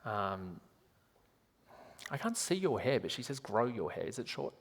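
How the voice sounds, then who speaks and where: On stage in a large theatre hall, an Australian psychic medium rambles and jokes at himself between readings, throwing in quick asides. His mid-range voice is sing-song, picked up by a handheld microphone with hall reverb.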